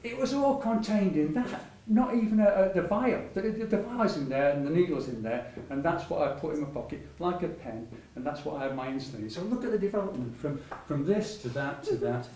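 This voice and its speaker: A man's voice: fairly high pitch, expressive, fairly quick, hardly any pauses, dark tone. An older man, telling stories in a public talk, rambling with many restarts and frequent laughter. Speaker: patient speaker at a public talk. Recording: echoey hall, mic at a distance.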